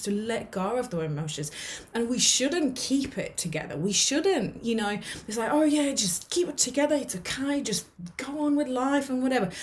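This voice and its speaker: Earnest woman. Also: medium pitch. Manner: earnest, encouraging, many restarts and "okay?" checks. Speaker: vlogger giving life advice. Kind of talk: casual talk to camera.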